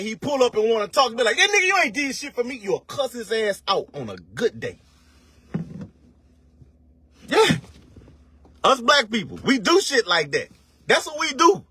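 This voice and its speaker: A man's voice: very high-pitched, sharp tone, slightly rough, no echo. A man giving a casual, profane motivational rant, full of slang and rhetorical questions, stretching words for emphasis. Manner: preachy, drawn-out emphasis. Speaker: online commentator.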